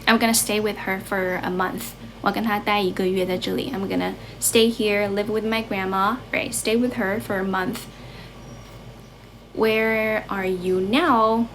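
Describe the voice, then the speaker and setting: Chinese-accented young woman livestreaming on her phone, chatty, mixes english and chinese, bit of noise behind her. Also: medium pitch. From China. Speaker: livestream host and English teacher. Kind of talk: casual bilingual livestream chat. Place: grandmother's home, indoors.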